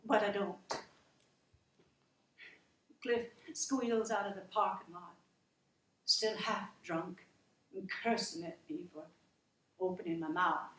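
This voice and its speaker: Woman playing a down-to-earth wife, earnest storytelling, slow delivery, roomy echoing room. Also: fairly low pitch, steady tone, a bit bright, slight background noise. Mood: sorrowful. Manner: slow, emotional, earnest retelling. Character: down-to-earth working wife finally standing up. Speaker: actress in a stage monologue. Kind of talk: dramatic monologue storytelling.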